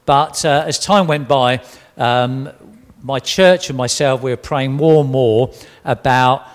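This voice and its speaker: A man recounts his story with earnest feeling, stumbling and restarting as he goes. His voice sits at an ordinary middle pitch. It carries a long reverb, as if he is in a large hall. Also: slow. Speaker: church member giving testimony. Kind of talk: personal testimony interview.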